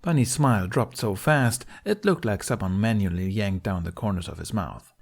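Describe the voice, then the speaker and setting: A man with a lowish voice reads a story aloud at an unhurried, even pace. His narration is calm and steady. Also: vocal fry. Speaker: podfic reader. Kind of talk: story reading.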